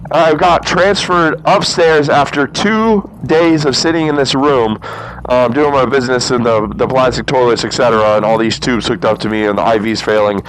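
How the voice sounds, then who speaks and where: A young motovlogger tells a long, rambling story to camera, often laughing and acting out what he and other people said. His medium-pitched voice is a bit bright, with fairly even intonation and a moderate pace, and the rough recording carries a little hiss or hum.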